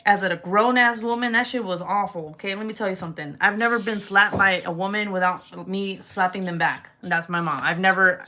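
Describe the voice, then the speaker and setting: A woman chats casually at home while she works on clay crafts. Her voice is bright and clear. She talks candidly, swears freely and laughs often. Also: mid-range voice, a little fast, few pauses, slight background noise. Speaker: polymer clay crafter vlogger.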